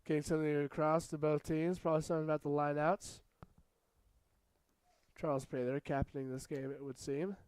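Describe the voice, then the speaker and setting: A young man giving casual, jokey play-by-play commentary on a school rugby match, now and then shouting at big plays. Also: on the high side, little pitch movement, fairly quick, pauses often, clean tone, dry recording.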